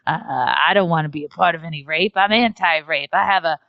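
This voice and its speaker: Woman putting on a scratchy male railroad spike, earnest family man, low voice, dry dull audio. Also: brisk, no echo.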